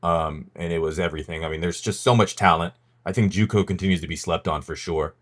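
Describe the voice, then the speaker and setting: A man with a fairly low voice hosts a casual sports podcast. His talk is loose and rambling, full of ums and stop-start restarts as he runs the segment and hands off to his co-hosts. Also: fast. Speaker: podcast host leading a rankings reveal.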